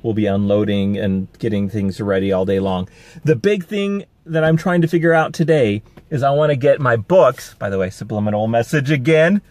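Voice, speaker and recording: Out on a city street in the rain, a man vlogs casually to camera, rambling cheerfully and laughing a lot. He has a medium-pitched, darkish voice at a moderate pace, with no room sound.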